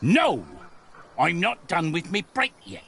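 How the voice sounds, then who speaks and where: A man's voice: sits high, very animated, takes it slowly, gravelly, fairly bright tone, a little hiss or hum, exaggerated voice. An actor playing a lazy, cheeky male builder in a game, mocking and bickering. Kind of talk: game voice acting.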